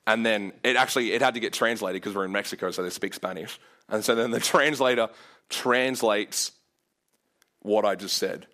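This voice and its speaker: A young man preaching a sermon, telling a story casually with lots of filler words and growing animated as he acts out his own prayers. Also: on the low side, moderate pace.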